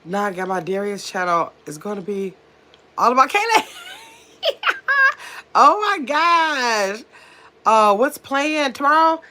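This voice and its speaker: A woman with a slightly high, sharp, animated voice hosts a casual home livestream in her pajamas, chatting and reading viewer comments. She speaks slowly with long pauses, and there's slight background noise.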